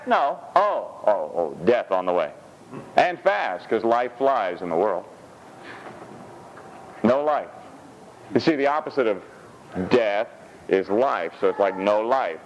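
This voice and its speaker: A man preaching a sermon in an animated, joking way. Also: a little slow, pauses often, highs cut off, slight background noise. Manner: animated, jokey preaching with swings of pitch. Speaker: pastor.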